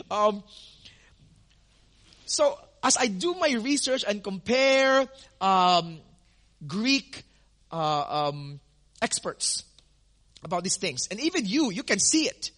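A man's voice: high voice, a bit bright. A male pastor teaching a sermon in an earnest way, repeating words for emphasis with frequent ums and restarts.

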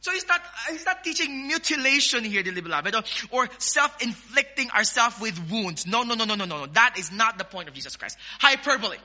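A man with a Filipino accent preaching a sermon as pastor, emphatic, with sudden loud rises. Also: very high-pitched, very animated, fairly quick, few pauses.

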